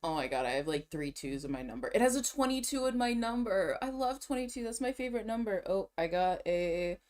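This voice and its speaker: A woman streamer chatting casually to herself while shopping and browsing online, excitable and slangy, laughing often, a bit out of breath. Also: mid-range voice, brisk.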